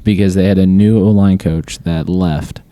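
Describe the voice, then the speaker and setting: A man's voice: deep voice, fairly even intonation, moderate pace, mellow, no room sound. A young man, a student athlete, chatting casually in an interview with a laid-back, rambling manner and lots of fillers. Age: young adult.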